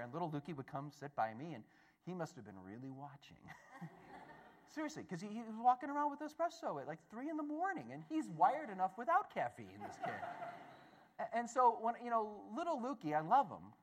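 A man giving a storytelling talk to an audience, animated and acting out voices, often stammering and restarting. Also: sits high, quick pace. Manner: animated, acts out the voices in his stories. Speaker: speaker at a Catholic gathering.

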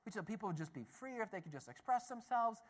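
A man's voice: high voice, fast, voice pushed up. A man voicing an eager, friendly male airplane passenger who gushes and then presses hard with questions. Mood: insistent. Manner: gushing, excited, then insistent.

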